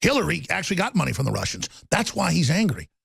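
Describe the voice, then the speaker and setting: Fired-up guy ranting on his talk show, gravelly, dry close sound. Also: on the high side, sing-song, a bit bright, no echo. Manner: rapid, heated, repetitive, stammering restarts. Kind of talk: heated political talk show rant.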